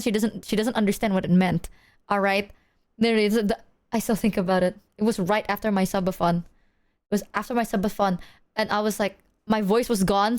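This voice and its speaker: A young woman streamer chatting casually with her viewers, telling animated stories full of acted quotes and casual swearing. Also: mid-range voice.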